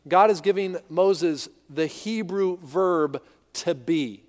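A male pastor preaching with emphasis, his voice sitting somewhat high and hammering on repeated words. His sermon echoes with a long hall reverb. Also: slow, a little mellow. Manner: emphatic, repeats key words, rhetorical questions.

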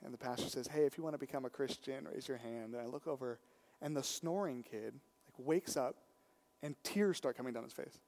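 A male preacher delivering a sermon as a personal story, in a voice of middling height. He drops low and soft, then rises loud and emphatic, with a lively, animated delivery. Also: a little fast.

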